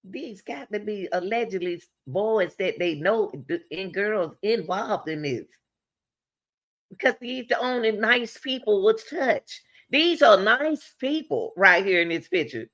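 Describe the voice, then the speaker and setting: Animated woman commenting straight to viewers. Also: measured pace. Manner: animated, talks straight to viewers with rhetorical questions; pitch swings widely between high exclamations and low asides. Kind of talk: casual true-crime commentary.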